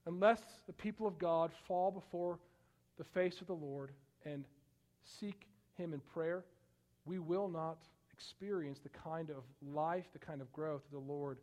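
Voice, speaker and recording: A man's voice: high-pitched, moderate pace, darkish tone. A male pastor preaching a sermon, building to emphatic bursts on scripture and often repeating words as he goes. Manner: frequent word repeats and restarts.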